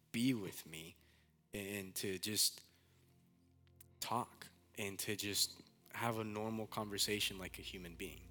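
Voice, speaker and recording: A young man, a pastor, preaching a sermon with animated storytelling and candid asides. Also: on the low side.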